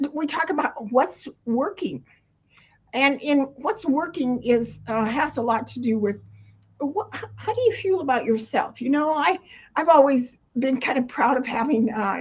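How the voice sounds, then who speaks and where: An older woman with a high voice explains her coaching in a loose, rambling way, full of restarts and easy laughter. The recording is dull and lo-fi. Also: lively intonation, measured pace, breathy edge. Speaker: retirement coach. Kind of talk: casual interview talk. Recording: dull lo-fi sound.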